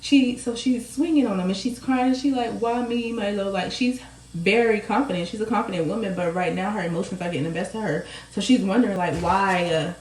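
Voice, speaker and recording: A woman's voice: mid-range voice, fast talker, darkish tone. A young adult woman author, casually retelling her own story to viewers in a chatty, profane way. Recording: roomy sound, from a distance.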